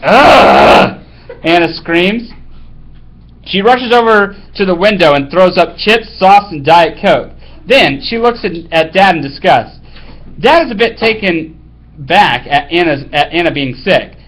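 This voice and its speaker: Lively high-voiced male teacher reading aloud. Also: unhurried, rough recording. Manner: animated storytelling, then casual classroom directions. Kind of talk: reading a story aloud to a class, then giving instructions.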